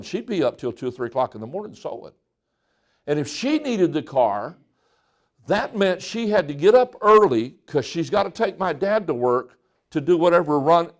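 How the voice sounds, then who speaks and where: A man in his sixties preaching a sermon in a folksy storytelling way, often restarting his sentences. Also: fairly high pitch. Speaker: pastor.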